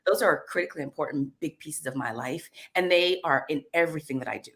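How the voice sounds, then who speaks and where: A woman from the Southern United States, a guest in an interview, telling stories about her life in a lively way and laughing often. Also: low-pitched, fast. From Southern United States, Arkansas. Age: adult. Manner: animated storyteller, laughs often. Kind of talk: conversational interview.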